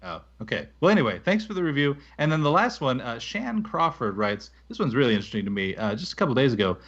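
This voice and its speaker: A man co-hosting a gaming podcast in a relaxed, rambling manner, working through listener reviews with plenty of fillers. The recording is slightly dull and lo-fi. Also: mid-range voice, quick pace. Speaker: podcast co-host. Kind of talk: casual podcast chat, reading listener reviews.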